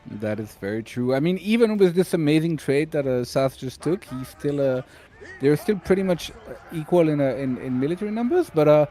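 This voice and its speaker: Co-caster, male, dark relaxed tone, thinks aloud in halting stops and starts. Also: medium pitch, soft background music. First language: French. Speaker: esports co-caster. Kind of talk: color commentary.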